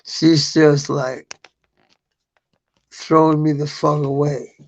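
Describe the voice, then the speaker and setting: A man's voice: fairly high pitch, level tone, slow, dull audio. A middle-aged man telling a personal story in a rambling, profane way, with bitter outbursts.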